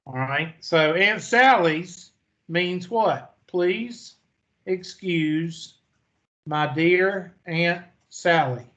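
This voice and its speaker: Folksy math teacher, slightly high voice. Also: male voice, very slow, a bit bright, lo-fi sound. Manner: folksy, storytelling, asks and answers own questions. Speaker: math instructor. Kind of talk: classroom math lecture.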